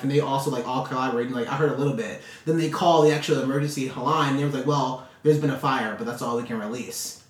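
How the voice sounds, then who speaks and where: A man co-hosting a podcast, chatting casually and rambling with many filler words. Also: mid-range voice. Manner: rambling, heavy use of fillers like "like". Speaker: podcast co-host. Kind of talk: casual chat. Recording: echoey room, far from mic.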